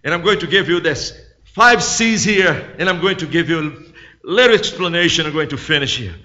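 Preacher, man, high ringing voice, slightly broken english, emphatic, echoey dull church recording. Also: expressive, moderate pace. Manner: emphatic, swings between loud proclaiming and quiet asides. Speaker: guest preacher. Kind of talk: sermon.

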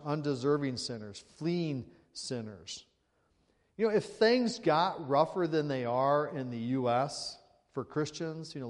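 A man's voice: mid-range voice, big-room sound. A male pastor preaching a sermon in a conversational way, reading scripture aloud and asking the congregation rhetorical questions.

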